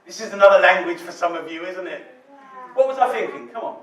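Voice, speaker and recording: A man's voice: high-pitched, animated, fast, a bit bright. A male midwife telling a candid, joking story to a live audience. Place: hall with audience. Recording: echoey hall, distant mic, audience. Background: audience laughter.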